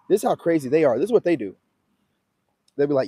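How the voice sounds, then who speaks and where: This livestream host's casual chat is loose and emphatic, brisk but broken by long pauses, and he keeps checking in with "you know what I'm saying." His mid-range voice has a dark tone, and there's no room sound.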